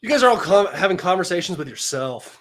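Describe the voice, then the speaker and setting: Sarcastic, fast-talking man on a livestream. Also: high voice. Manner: mocking, sarcastic, combative; excitable, manic. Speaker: livestream host. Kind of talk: casual livestream commentary.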